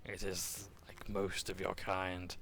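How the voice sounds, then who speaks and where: Man putting on a low, drawling draconian chief, cold and scornful, slow delivery. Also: creaky, sharp tone, exaggerated voice. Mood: menacing. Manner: slow, drawn-out, contemptuous delivery. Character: slow, menacing male draconian leader.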